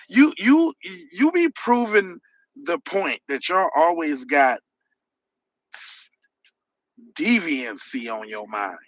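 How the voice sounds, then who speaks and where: A man's voice: a little high, bright, forceful tone, low-quality recording. A man hosting a podcast livestream, answering chat messages with sarcastic, mocking rants. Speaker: podcast host reading live chat. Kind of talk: heated livestream commentary.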